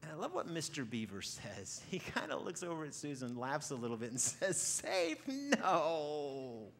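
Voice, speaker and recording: A man preaching a sermon to a congregation, animated, swinging from loud exclaiming to quiet near-whispers, often repeating words as he starts a phrase. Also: mid-range voice, fairly quick, a little hiss or hum. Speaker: pastor. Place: church hall before a congregation.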